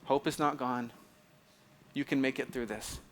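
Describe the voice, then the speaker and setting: This male pastor's medium-pitched voice stays steady and measured, with slight background noise in the recording. Preaching in a chatty style, he repeats phrases, uses "like" as filler, stumbles and restarts frequently, and checks in with the crowd about whether it makes sense.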